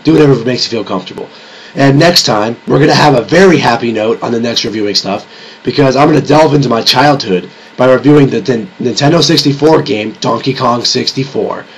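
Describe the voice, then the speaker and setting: A man's voice: medium pitch, brisk, breathy edge, poor audio. Slightly sick young man reviewing casually. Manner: rambling, restarts sentences often. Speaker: YouTube reviewer.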